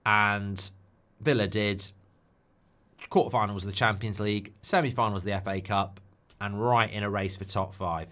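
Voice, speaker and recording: A man hosting a live football watchalong, chatty and animated, with quick asides about the scores. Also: lowish voice. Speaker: host.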